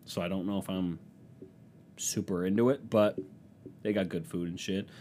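A man's voice: deep voice, fairly even intonation, normal speed, dark tone. A man hosting a podcast, telling rambling, self-mocking stories in a casual, profane monologue into a microphone. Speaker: podcast host.

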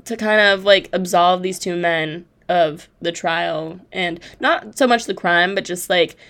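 A woman's voice: fairly low pitch, unhurried, fairly bright tone. A woman hosting a podcast, retelling a historical case in a casual, chatty way with irreverent asides. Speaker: podcast host. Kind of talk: casual true-crime storytelling.

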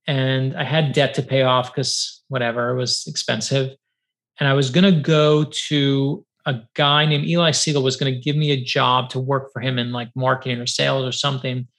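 A middle-aged man from New York, an author guest telling lively stories in a podcast interview over a video call, acting out the dialogue he recalls. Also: medium pitch, brisk. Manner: lively, acts out quoted dialogue, many fillers of 'like'. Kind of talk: animated storytelling in a podcast interview.

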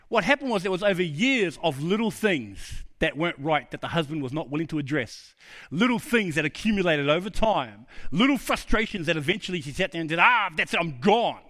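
A man's voice: high voice, a bit bright. A male pastor preaching a sermon, emphatic and fond of repeating key words. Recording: long hall reverb.

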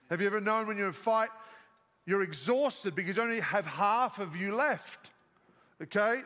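Australian male pastor, high voice, live sermon in a reverberant church hall. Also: a bit bright. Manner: emphatic repetition, asks the congregation questions.

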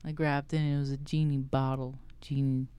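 Man playing an orange-headed guy at a bar, plain mellow voice, dry sound. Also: medium pitch, little pitch movement, fairly quick, clean tone, no room sound, lightly acted. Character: down-on-luck man with an orange head.

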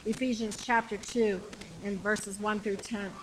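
A woman preaching a sermon with passion, repeating phrases and shouting the climactic lines. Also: medium pitch, steady tone, slow pace, a little hiss or hum, low-quality recording.

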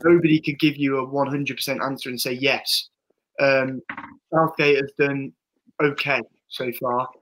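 A man's voice: mid-range voice, little pitch movement, unhurried, a bit bright, a little hiss or hum, poor audio. A man co-hosting a casual football podcast, rambling and opinionated, often restarting his sentences. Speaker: podcast co-host.

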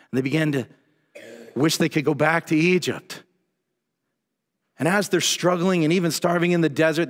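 A man preaching a sermon as pastor, telling Bible stories with animated emphasis. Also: medium pitch. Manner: animated storytelling, voices God and Moses in retellings. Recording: church hall with long reverb.

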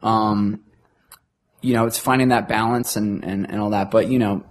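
A man's voice: on the low side, fairly even intonation, normal speed. A man in his fifties from New York, a touring musician guest talking casually and rambling as he hunts for words. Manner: rambling, restarts often while searching for words. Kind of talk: casual chat.

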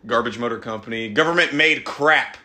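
A man's voice: mid-range voice, fairly quick, pushed and bright. A man with a Southern US accent co-hosting a podcast, firing off sarcastic, profane comebacks. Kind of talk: rowdy casual chat.

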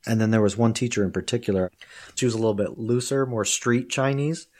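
A man, a guest on an interview podcast and a professor of Chinese, chatting casually and telling lively stories with frequent laughter. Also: medium pitch, brisk. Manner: lively storyteller, laughs often.

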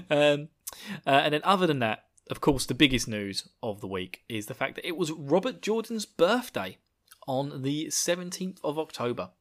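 A man's voice: fairly high pitch, expressive, moderate pace, fairly bright tone. A man from the UK, hosting a podcast in rambling casual chat and laughing at his own jokes. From United Kingdom. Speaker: podcast host.

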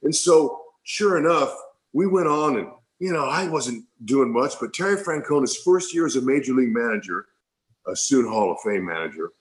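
A middle-aged man tells an emotional story in a rambling, heartfelt way, often circling back and repeating words. His pitch sits in an ordinary middle range. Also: poor audio. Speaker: former baseball player, guest.

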